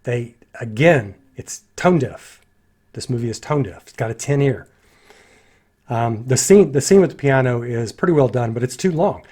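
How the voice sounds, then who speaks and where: A man giving a casual spoken film critique, critical and animated, acting out lines of dialogue in his own voices. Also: mid-range voice, normal speed, husky. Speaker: movie reviewer.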